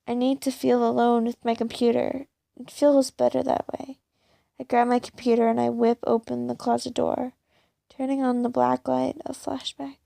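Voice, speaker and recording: A woman reading a first-person fan fiction story aloud in a plain, unhurried way. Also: on the high side, flat delivery, creaky, dark tone, no echo.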